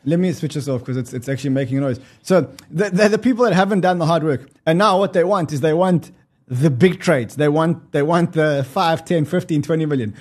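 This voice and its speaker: Raspy guy hosting a market show, animated, laughs a lot, swears, kinda high voice. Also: fairly quick. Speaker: host. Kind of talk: casual market commentary.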